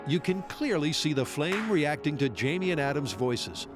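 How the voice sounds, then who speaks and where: A male documentary narrator reads a scripted voice-over in a bright, playful way. His voice sits a little high and swoops widely in pitch, and clear background music runs under him. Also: expressive, moderate pace.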